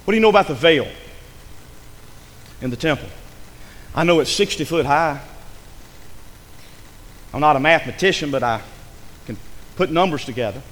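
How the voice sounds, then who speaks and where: A man preaching a sermon, dramatic, dropping to a hush and rising to a shout. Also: fairly high pitch, animated, moderate pace, long pauses, big-room sound.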